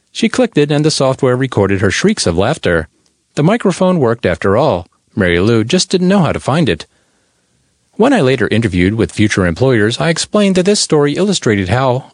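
A man reading a first-person story aloud for a radio-style podcast, in an expressive manner. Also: medium pitch, no room sound, clean studio sound. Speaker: narrator reading a member's story. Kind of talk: read-aloud narration.

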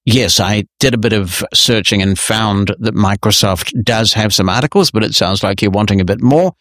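A man with a fairly low voice hosts a podcast and works through listener emails. He answers in a measured, friendly, explanatory manner. The sound is dry and close, with no room echo. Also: a bit bright. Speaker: podcast host.

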